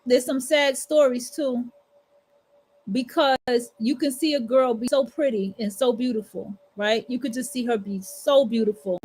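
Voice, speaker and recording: A woman talks straight at her listeners in a loose livestream monologue. Her voice sits high, and her delivery is blunt, profane and preachy. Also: darkish tone. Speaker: livestream host. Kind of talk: casual monologue.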